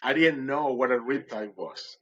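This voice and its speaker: A man's voice: mid-range voice, unhurried, a bit bright, muffled recording. A podcast guest, a man, recounting a dramatic personal story in conversation and acting out his own words with animation.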